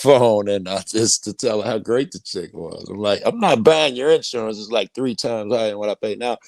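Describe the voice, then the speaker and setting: A man's voice: fairly low pitch, no echo. A man from Chicago telling stories in a casual, profane panel chat. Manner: profane, animated storytelling.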